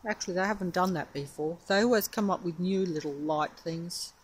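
Filming on her mobile phone on a rainy, windy street, an Australian woman offers casual vlog commentary in a wary, hesitant, meandering way. Her voice is on the low side and fairly quick, and the recording quality is low.

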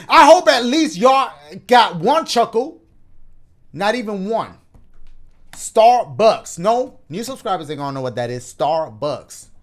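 A man's voice: high voice, vocal fry. A man giving playful let's-play commentary on a video game, joking around and freestyle rapping along to the beat. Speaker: gaming YouTuber. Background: game music.

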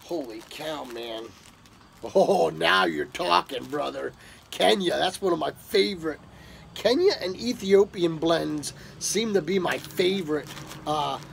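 A man with a slightly high, gravelly voice unboxes a gift box of pipe tobacco and coffee while talking casually to camera. He throws in enthusiastic, drawled exclamations, and a little hiss or hum sits under the recording.

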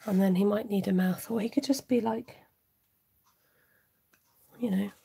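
A woman's voice: mid-range voice, fairly even intonation, measured pace, vocal fry, dark tone, breathy edge. A woman hosting a live card-making stream, chatting casually, reading out viewer comments and often murmuring asides to herself. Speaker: card-making livestream host. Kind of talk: casual live crafting chat.

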